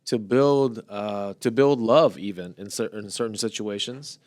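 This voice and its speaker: A man's voice: fairly low pitch, a little slow, a little mellow, no echo. A man in his thirties co-hosting a podcast, explaining ideas in loose, restarting phrases. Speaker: podcast co-host. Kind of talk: casual podcast chat.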